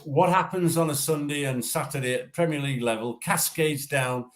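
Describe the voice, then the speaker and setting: Older man talking slowly with halting repeats. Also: on the high side, slight background noise. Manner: halting, repeats words, measured. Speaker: former referee assessor. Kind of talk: casual discussion.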